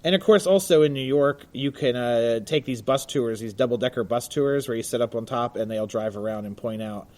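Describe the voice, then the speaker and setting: A man of ordinary pitch talks in a loose, chatty way on a casual podcast. He jokes, laughs easily and leans on "uh" as he wanders through his points. The delivery is that of an unscripted co-host. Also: brisk, few pauses, darkish tone. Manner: chatty and jokey, laughs often, frequent "uh" fillers. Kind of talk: casual chat. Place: Baltimore.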